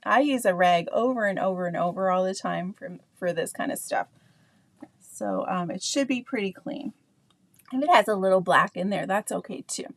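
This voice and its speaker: A woman's voice: mid-range voice, normal speed, gravelly, dry recording. A middle-aged woman with a Canadian accent, leading a live painting tutorial in a chatty, rambling way full of asides to her viewers. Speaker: painting instructor.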